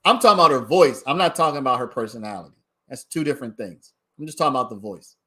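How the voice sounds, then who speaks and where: A man's voice: medium pitch, expressive, fast talker, bright, forceful tone. A man hosting a casual livestream, giving his commentary in a chatty way and talking straight to his viewers. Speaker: livestream host commenting on a trial.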